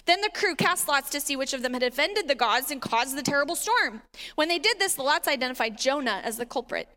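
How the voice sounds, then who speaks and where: A woman with a high, bright voice delivers a sermon in an echoing hall, reading scripture and acting out quoted voices with playful energy. Her tone stays lively and she laughs easily with her listeners. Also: fast. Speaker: preacher. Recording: reverberant hall.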